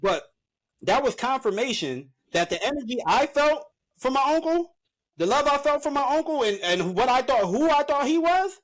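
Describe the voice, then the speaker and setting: High-voiced earnest man chatting. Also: very animated, moderate pace. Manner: earnest, rambling talk with restarts. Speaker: podcast co-host. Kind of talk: casual chat.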